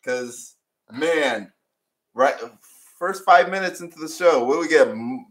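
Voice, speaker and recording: A man co-hosting a casual TV recap show, talking in an animated way with lots of fillers and laughs. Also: on the high side, unhurried. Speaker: co-host.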